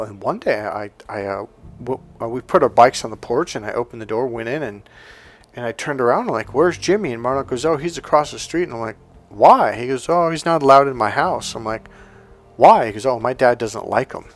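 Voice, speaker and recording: A man's voice: medium pitch, slight background noise. A man telling a childhood story in a casual monologue, with frequent "like" fillers and quoted lines. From Northern California. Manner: casual, heavy use of "like", acts out quoted lines. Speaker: relationship coach.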